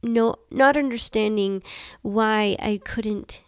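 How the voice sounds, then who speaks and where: A woman's voice: medium pitch, slow, clear, resonant tone, dry recording, studio quality. Woman with a nasal, cold-stuffed voice. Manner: enthusiastic, reflective. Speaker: podcast host. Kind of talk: casual solo podcast talk.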